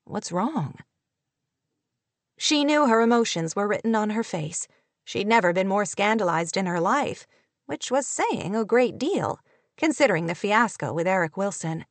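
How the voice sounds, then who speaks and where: Woman reading a novel audiobook, steady measured telling, mid pitch, super dry close mic. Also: dry recording. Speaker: audiobook narrator. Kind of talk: scripted narration.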